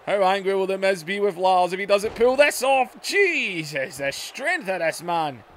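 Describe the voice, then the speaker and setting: A man giving play-by-play wrestling commentary over a video game, excitable, dropping to low muttering and then shouting at the big moves. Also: measured pace, slight background noise. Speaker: gaming YouTuber.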